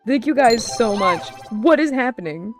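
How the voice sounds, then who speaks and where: Woman streamer, excitable and giggly, brightish voice, dry close mic, soft music underneath. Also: fairly high pitch, moderate pace. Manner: giggly and excitable, laughs often. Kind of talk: casual live-stream chat.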